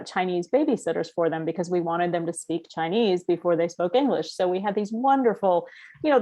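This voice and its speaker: A middle-aged woman talking on a video call panel, chatty and anecdotal. She acts out quoted voices and laughs often, in a voice of middling pitch. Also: mellow. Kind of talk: casual panel chat.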